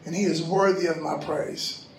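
A man's voice: on the high side, fairly even intonation, moderate pace, a little hiss or hum. A middle-aged man preaching a sermon, telling a personal story in a loose, slangy, conversational way. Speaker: pastor. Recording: echoey room from far off.

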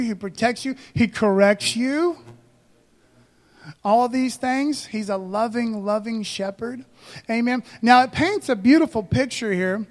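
Guy preaching, high voice, jokey and chatty w the church. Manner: conversational, joking, calls out to congregation. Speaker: pastor. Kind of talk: sermon.

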